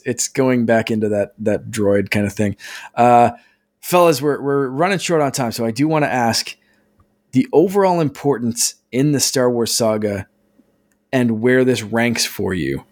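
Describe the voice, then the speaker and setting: A man's voice: medium pitch, darkish tone. Easygoing male podcast host. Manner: easygoing, steers the talk, chuckles while recounting. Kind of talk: casual podcast chat.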